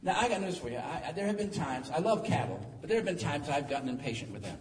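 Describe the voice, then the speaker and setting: A middle-aged man preaches a sermon in a folksy, joking, animated style. His voice sits a little higher than most men's. It echoes around a large hall and is picked up from a distance, with faint noise in the background. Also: fast talker.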